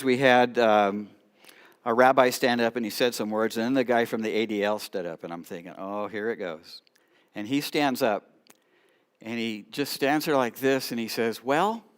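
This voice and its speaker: A middle-aged man telling stories in a sermon, lively, with sudden quiet asides. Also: mid-range voice, smooth. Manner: animated storyteller, drops to quiet asides. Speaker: rabbi preaching at church. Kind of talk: sermon storytelling.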